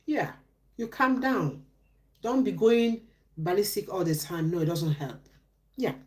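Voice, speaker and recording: A woman's voice: mid-range voice, unhurried, a little mellow. A middle-aged woman, giving relationship advice on a live stream in a preachy way, asking questions and answering them herself.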